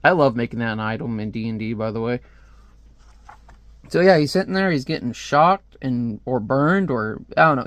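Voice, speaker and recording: A man's voice: medium pitch, no room sound. Chatty man reviewing comics. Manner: rambling and chatty, with frequent fillers.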